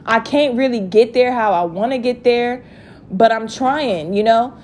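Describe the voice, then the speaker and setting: A young woman telling a story to her viewers in a casual rant, profane and animated. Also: fairly high pitch, measured pace. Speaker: vlogger.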